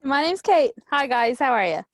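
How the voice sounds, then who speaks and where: A woman's voice: high voice, sing-song, normal speed, no room sound. An Irish woman co-hosting a podcast in casual chat, wry and chatty with frequent laughter. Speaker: podcast co-host.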